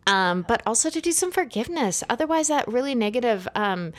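A woman in her thirties chatting casually on a podcast, telling a story with lots of fillers and an animated, storytelling manner. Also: a little high, fairly quick. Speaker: podcast co-host.

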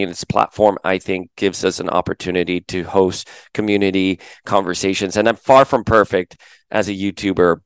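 A man hosting a fan podcast, chatting casually to viewers in an animated way and often restarting his words. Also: fairly low pitch, clear, resonant tone, no room sound. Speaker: podcast host. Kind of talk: casual chat to camera.

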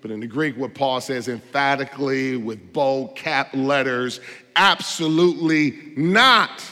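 A man pastor delivering a sermon in church, emphatic and full of rhetorical questions, swinging between loud stresses and quiet asides. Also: medium pitch, fairly even intonation, measured pace. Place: church sanctuary. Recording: long hall reverb.

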